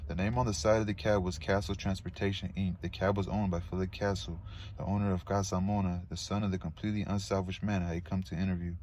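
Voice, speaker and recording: A man's voice: deep voice, little pitch movement, quick pace, a little mellow, a little hiss or hum. A man reading a novel aloud in a casual, unpolished way, stumbling on words and adding asides.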